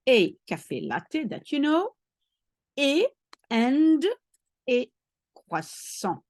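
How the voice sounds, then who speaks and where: This Belgian language teacher, whose native tongue is Dutch and who has a Belgian accent, patiently works through beginner French, repeating phrases while thinking aloud. She sits high in pitch and sounds very animated, with drawn-out words, frequent pauses, a darkish tone, and no echo.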